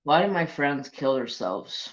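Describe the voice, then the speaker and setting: A man telling a personal story in a slow, halting, reflective way while he works on a craft. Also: fairly high pitch, very animated, fairly bright tone, dull audio. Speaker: crafting vlogger.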